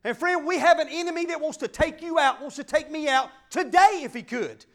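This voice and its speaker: Delivering his sermon a little fast, this middle-aged pastor speaks in a strikingly high voice. His fervent preaching moves from emphatic, ringing proclamations to hushed, intimate asides.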